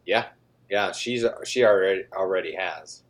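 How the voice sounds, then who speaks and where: Co-host, male, 40s, deep-toned, easygoing family man chatting casually. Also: moderate pace. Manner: easygoing, agrees a lot with short yeps. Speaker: podcast co-host. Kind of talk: casual chat.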